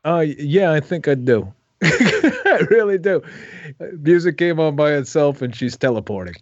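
A man co-hosting a casual movie commentary podcast, unhurried and laughing often. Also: fairly high pitch, big pitch swings, dry recording, lo-fi sound. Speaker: podcast co-host.

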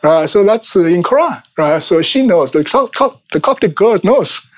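High-voiced man lecturing, "right?" constantly. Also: lively intonation, moderate pace. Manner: tags nearly every phrase with "right?", many fillers and restarts; laughs at his own asides. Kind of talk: informal lecture.

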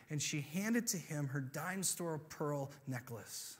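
A man preaching a sermon and telling a story in an animated way, moving from soft, quiet passages to emphatic, rising ones. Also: on the high side, unhurried, few pauses, slightly rough.

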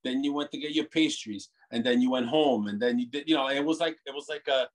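A middle-aged man born in Italy, a bakery owner, talking in an animated, rambling way with many restarts on a video call. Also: mid-range voice, fast. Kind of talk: casual interview over a video call.

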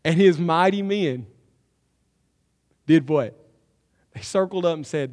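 A man preaching a sermon as pastor, emphatic and building to loud climaxes. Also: fairly high pitch, slow pace, pauses often, big-room sound. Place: church sanctuary.

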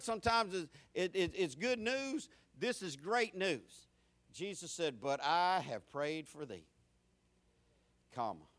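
A middle-aged man, a pastor, preaching with rhythmic repetition, swinging between loud, driving lines and low, hushed ones. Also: no echo. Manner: repetitive, rhythmic phrasing with homespun asides. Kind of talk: sermon.

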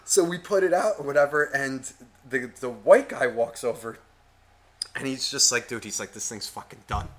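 Bright, profane New man. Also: mid-range voice, normal speed. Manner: profane, rambling, animated. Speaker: podcast co-host. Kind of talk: casual storytelling.

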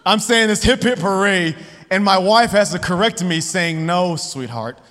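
A man in his thirties delivers a sermon in a conversational, storytelling way, checking in with his listeners again and again. His voice sits high for a man. The sound carries a long reverb, as in a large hall. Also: moderate pace, fairly bright tone. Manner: conversational, often asks the audience "right?". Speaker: pastor. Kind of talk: sermon with personal stories.

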